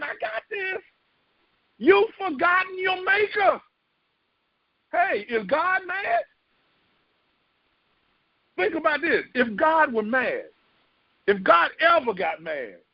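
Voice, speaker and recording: A man's voice: very high-pitched, animated, slow pace, pauses often, no room sound, highs cut off. A man preaching a sermon as pastor, talking in an emphatic, conversational way that repeats phrases for stress.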